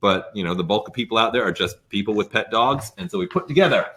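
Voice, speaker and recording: A young man with a fairly low voice co-hosts a dog training webinar. He recaps the lessons and moves into an upbeat sales pitch. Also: big pitch swings, quick pace, vocal fry, fairly bright tone, breathy edge. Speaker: co-host. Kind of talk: webinar presenting.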